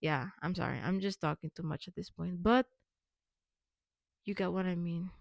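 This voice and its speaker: A young woman vlogging casually, rambling with many fillers and restarts, speaking warmly affirming words to her viewers. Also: lowish voice, moderate pace, gravelly, no room sound, studio quality. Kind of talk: rambling personal vlog.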